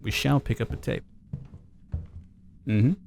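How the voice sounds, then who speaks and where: A man's voice: medium pitch, fairly even intonation, slow, vocal fry, a little mellow, faint music behind. A man casually commentating a game playthrough, chatty, thinking aloud and reading notes out. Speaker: gameplay commentator. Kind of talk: let's play commentary.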